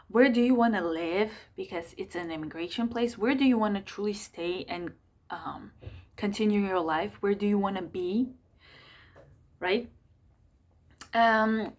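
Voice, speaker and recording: A woman hosting an astrology channel, giving a casual forecast in with a rambling style full of self-corrections. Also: mid-range voice. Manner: chatty, rambling, frequent self-corrections and asides.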